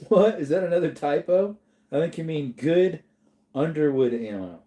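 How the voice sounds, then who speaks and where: A man's voice: on the high side, lively intonation, moderate pace, mellow. A tired middle-aged man from Arizona, hosting a casual livestream and answering chat in a drawling, easygoing way. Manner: drawling and tired, slips into joke voices. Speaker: livestream host reading chat.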